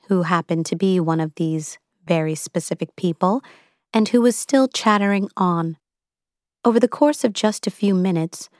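Woman, audiobook narration, wry, even, lowish pitch, dry close sound. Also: dry recording. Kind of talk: scripted narration.

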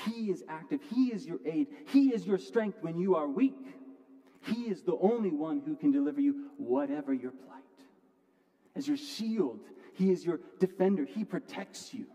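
A man preaching a sermon from the pulpit, earnest, often restarting words and moving between loud and quiet passages. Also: a little high. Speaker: pastor. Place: church sanctuary. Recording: long hall reverb.

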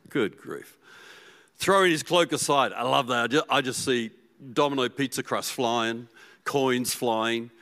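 A man preaching a sermon as pastor, telling the story with animation and swinging from loud to hushed. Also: mid-range voice, unhurried.

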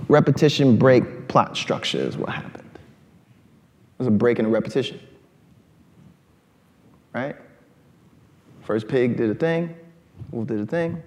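A man giving an animated talk to a live audience in a lecture hall, often asking "right?". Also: mid-range voice, slow, pauses often.

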